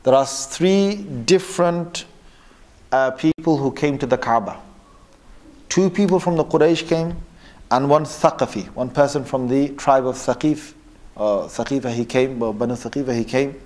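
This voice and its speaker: A man teaching a religious lesson who quotes Arabic passages and then explains them in English, pausing often and correcting himself as he goes. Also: medium pitch, a little mellow. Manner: pauses often, with fillers and self-corrections. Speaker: Islamic teacher. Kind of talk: lecture on religious texts.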